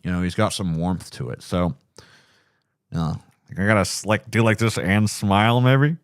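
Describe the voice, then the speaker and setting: A man's voice: deep voice, moderate pace, smooth. Rambling, cursing man on a late-night stream. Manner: rambling, profane, self-deprecating. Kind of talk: casual late-night livestream chat.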